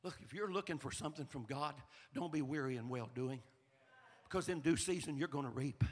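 A middle-aged man, preaching a sermon in a folksy storytelling way that rises into shouted fervor. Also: a little high, brisk. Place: church sanctuary. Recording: long reverb of a large hall.

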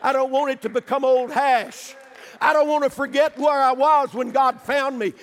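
An older man preaching a sermon in a church, fervent, swinging between shouted pleas and hushed storytelling. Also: very high voice, in a large hall.

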